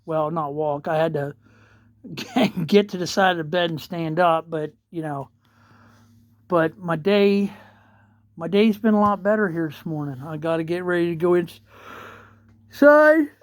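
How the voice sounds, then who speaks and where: A man who is a chaplain, talking casually in a morning video update, sleepy and yawning, halting as he searches for his words. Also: fairly high pitch, no room sound, studio quality.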